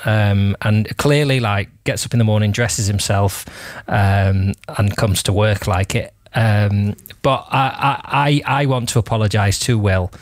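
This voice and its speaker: A man's voice: fairly low pitch, fairly even intonation, unhurried, no echo, clean studio sound. Teasing man hosting a radio show. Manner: teasing, rambling, laughing often. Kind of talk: casual studio banter. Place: radio studio.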